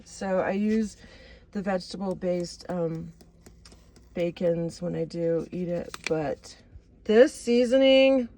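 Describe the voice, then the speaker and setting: Her lowish, dark voice carries some vocal fry as this vlogger cooks in a motorhome kitchen, chatting, rambling and laughing at her own blunders. The recording is rough, with a little hiss or hum.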